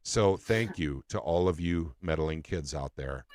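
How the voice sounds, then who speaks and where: Deep-voiced man hosting a political podcast. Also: unhurried, darkish tone, no room sound, studio quality. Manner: emphatic, repeats phrases for effect. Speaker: podcast host. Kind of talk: casual political talk show.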